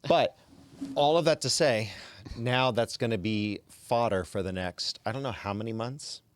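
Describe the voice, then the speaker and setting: A man's voice: medium pitch, normal speed, a little hiss or hum. A man hosting a podcast in casual chat, opinionated and stammering on his restarts. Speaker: podcast host.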